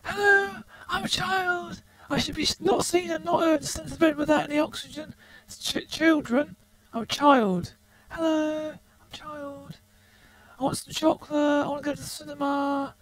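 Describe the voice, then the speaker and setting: A high, whiny child. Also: female voice, fairly even intonation, normal speed, poor audio. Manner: demanding, silly. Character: whiny small child wanting treats. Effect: voice changer pitched up.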